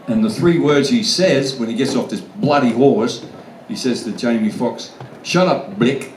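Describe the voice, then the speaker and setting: With a mid-range, somewhat dark voice at normal speed, an Australian guest actor from the outback swears freely while bluntly telling casual stories in convention Q&A answers. He's captured from afar in a large, echoey hall, faint room noise in the background.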